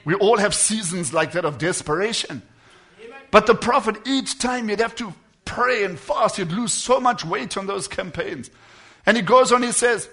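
A high-voiced man gives a sermon to his congregation, his delivery swinging between hushed and loud as he slowly stretches words for emphasis.

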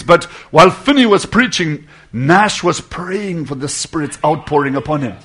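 A male preacher with a high, ringing voice. He delivers a fervent sermon, pushing his phrases loud and then sinking to near hushes. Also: expressive, normal speed, slightly rough.

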